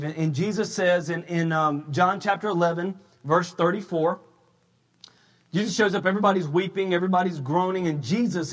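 High-voiced preacher, shouting then casual. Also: male voice. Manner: shouts emphatic points, then drops into casual storytelling; loose, conversational retelling with frequent restarts. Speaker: pastor. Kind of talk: sermon.

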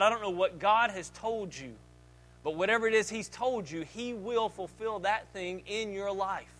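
A man preaching a sermon as pastor, with lively delivery that swings between loud, fervent passages and quiet asides, acting out voices and joking with the congregation. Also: sits high, normal speed. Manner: dynamic preaching, acts out disciples' voices, jokes.

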